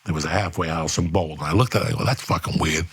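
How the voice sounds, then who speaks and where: A middle-aged man telling a long story on a podcast, profane and animated, acting out the voices of people in it. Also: very deep voice, quick pace. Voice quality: gravelly, husky.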